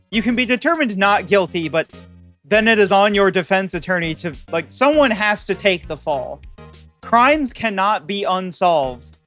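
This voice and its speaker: A woman's voice: mid-range voice, a bit bright. Wry, chatty woman streamer. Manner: wry, chatty, sarcastic asides. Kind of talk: casual game commentary. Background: faint game music.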